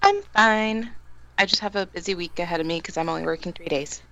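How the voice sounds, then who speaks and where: A woman's voice: fairly low pitch, brisk, fairly bright tone, poor audio. A woman in her twenties co-hosting a podcast, giving brief, easygoing replies. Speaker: podcast co-host. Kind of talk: casual podcast chat.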